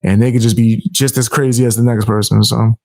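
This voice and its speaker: A man's voice: mid-range voice, little pitch movement, a little fast, dark tone. Brash, self-assured man hosting a chat. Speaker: host. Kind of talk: casual interview chat.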